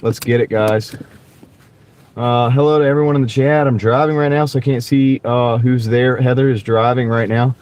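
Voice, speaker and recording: A man's voice: mid-range voice, fairly even intonation, normal speed, a little mellow, smooth. A man chatting casually to live-stream viewers while driving for deliveries, rambling and restarting his phrases, on a clip-on mic inside his car. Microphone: wireless clip-on mic. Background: faint car noise.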